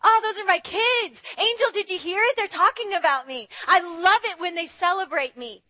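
A doting, affectionate God speaks to his children, as a woman preacher puts him on. The voice is very high and bright, gushing with warmth in the middle of a sermon. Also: moderate pace. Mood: delighted, tender. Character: God as a loving, delighted father.

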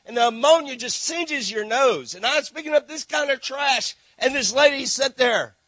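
A middle-aged man from Texas, preaching a sermon as a missionary, telling stories animatedly and swinging from hushed asides to shouting. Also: extremely high pitch, animated, normal speed, no room sound.

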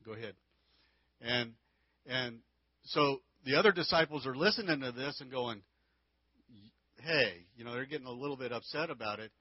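A man's voice: mid-range voice, normal speed, pauses often, no echo, highs cut off. A man giving a casual, folksy church lesson on marriage into a handheld microphone, with frequent restarts. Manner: folksy, conversational teaching with many restarts. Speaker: marriage teacher. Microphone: handheld mic.

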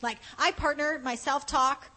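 A woman preaching a conversational sermon at a conference, earnest and animated, slowing down to stress key points. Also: high-pitched, poor audio. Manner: earnest, animated, often slows for emphasis. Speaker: conference speaker.

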